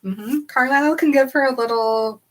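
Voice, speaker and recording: A woman co-hosting a podcast, retelling a book chapter in an animated, giggly way. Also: high voice, normal speed. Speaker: podcast co-host.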